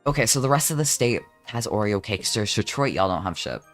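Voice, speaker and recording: A man's voice: on the low side, big pitch swings, quick pace, a bit bright, soft background music. A young man, chatting casually on a live stream in a rambling, profane, jokey way. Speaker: vtuber streamer.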